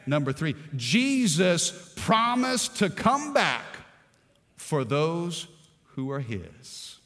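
A male pastor preaching a sermon, moving from quiet storytelling to emphatic, rising preaching. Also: on the high side, big-room sound.

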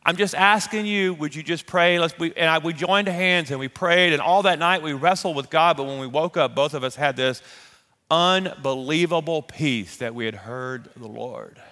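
In a large hall with long reverb, a male pastor tells a personal story during his sermon at a moderate pace. His voice is on the high side, and he delivers it with lively animation, performing the quoted voices of each character.

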